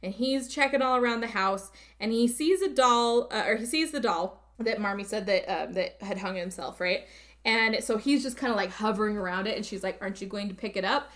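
A woman on a podcast casually recapping a movie, animated and swearing freely. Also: medium pitch, moderate pace. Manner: animated, profane storyteller. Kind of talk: casual chat.

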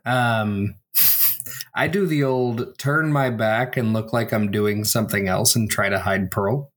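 A man's voice: lowish voice, unhurried. A man playing a tabletop game with friends, talking hesitantly. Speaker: player. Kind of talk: casual tabletop game play.

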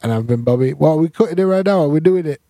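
Goofy male podcast co-host, warm mellow tone, dry close mic. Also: on the high side, lively intonation, fast, no echo. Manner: joking, goofy, tries accents. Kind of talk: casual chat.

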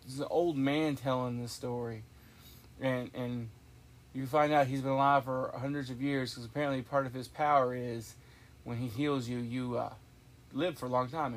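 This is a man hosting a podcast, his voice sitting at an everyday middle pitch. He talks in a loose, rambling way, stumbling over restarts while he enthuses about a movie to his listeners. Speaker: podcast host. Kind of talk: casual chat.

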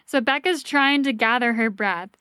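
A woman with a fairly high voice tells a creepy tale in casual podcast chat. She is lively and a little crude, acting out the reactions as she goes. The sound is dry and close. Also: moderate pace, clean tone, no echo. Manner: animated, swears casually, acts out reactions. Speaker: podcast host telling a ghost story.

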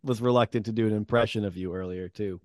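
A man's voice: on the low side, steady tone, quick pace, dry recording, clean studio sound. A man hosting a podcast in casual chat, wry and a little hesitant, with frequent fillers. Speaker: podcast host.

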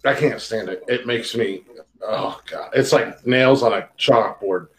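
Podcast guy with a mid-pitched voice, blunt, cusses a lot, just chatting. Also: a little slow. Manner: blunt and opinionated, swears freely. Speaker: podcast co-host. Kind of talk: casual chat.

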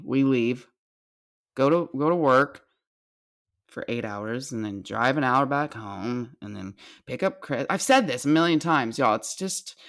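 A young American woman talking on her vlog in a tired, rambling way, swearing freely. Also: deep voice. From United States. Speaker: vlogger. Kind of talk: candid confessional vlog.

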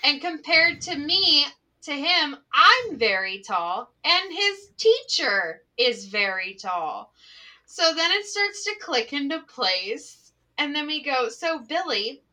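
A woman who works as a special education teacher, telling a story in casual chat, animated and full of "like", laughing as she goes. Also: high voice, slow pace, rough recording.

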